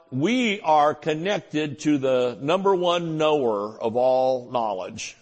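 An older man preaching a sermon at a Bible study, folksy and chuckling, acting out little voices as he goes. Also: a little high. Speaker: pastor. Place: church.

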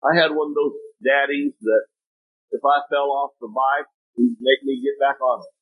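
A man preaching a sermon, telling folksy stories with sudden jumps in pitch. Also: moderate pace, husky. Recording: tinny phone-like audio.

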